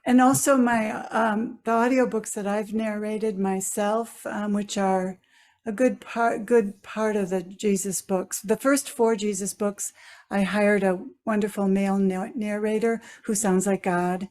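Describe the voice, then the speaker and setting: A woman's voice: medium pitch, fairly even intonation, unhurried, darkish tone. A woman, a spiritual teacher and author, speaking frankly and directly as a guest in an interview over a video call. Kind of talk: casual interview chat.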